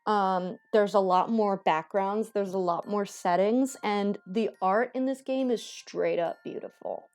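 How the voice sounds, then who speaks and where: A woman's voice: mid-range voice, a little slow, few pauses, darkish tone. A young woman streaming a game, chatting casually and joking about what she reads. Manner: giggly, joking asides. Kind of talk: casual let's-play commentary.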